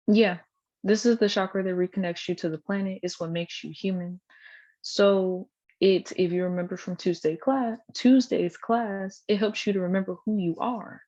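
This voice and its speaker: A woman's voice: fairly low pitch, darkish tone. Woman, blunt and profane, emphatic teaching tone, muffled lo-fi audio. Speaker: spiritual teacher. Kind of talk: casual spiritual teaching talk. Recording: dull lo-fi sound.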